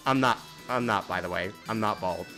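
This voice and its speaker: A man streaming a platform game, chatting casually, giggly and excitable, quick to apologize. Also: lowish voice. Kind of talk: casual gaming stream chat. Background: faint game music.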